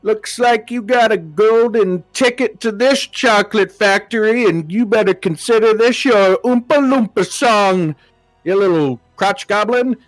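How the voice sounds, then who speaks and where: A man's voice: high voice, unhurried, no echo, faint music behind, voice pushed up, rough recording. A man voicing his cocky, foul-mouthed male blood hunter archer, delivering mocking taunts in a raised voice. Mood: taunting.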